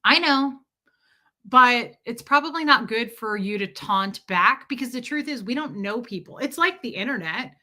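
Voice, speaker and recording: A woman's voice: on the high side, lively intonation, moderate pace, pushed and bright. A woman hosting a casual live stream, rambling through a personal story and greeting viewers by name as their chat comes in. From lives in Tennessee.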